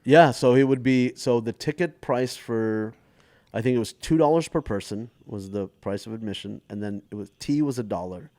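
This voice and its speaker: A man's voice: medium pitch, normal speed, dry recording. A middle-aged man from the Dallas area, a comedian telling stories in a casual chat and slipping into voices. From Dallas area, Texas. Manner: animated storyteller who slips into voices and laughs often. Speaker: comedian guest.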